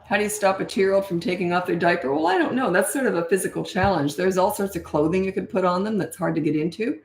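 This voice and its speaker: A woman's voice: medium pitch, quick pace, creaky, a little hiss or hum. Breezy matter-of-fact woman, echoey room. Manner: breezy and matter-of-fact, acts out parent lines in a bright sing-song. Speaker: parenting coach answering viewer questions. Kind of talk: casual Q&A livestream.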